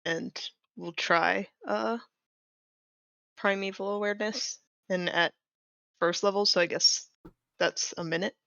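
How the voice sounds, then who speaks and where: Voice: medium pitch, fairly even intonation, unhurried, creaky, fairly bright tone, no room sound. A player at a tabletop game who chats and thinks aloud with lots of "like", recorded on a dull lo-fi mic. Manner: chatty, thinks aloud with many likes. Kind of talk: casual tabletop game talk.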